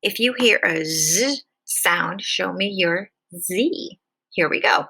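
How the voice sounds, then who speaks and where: A woman kindergarten teacher leading a slow, patient phonics lesson, stretching out each letter sound clearly. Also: fairly low pitch, bright, forceful tone, low-quality recording.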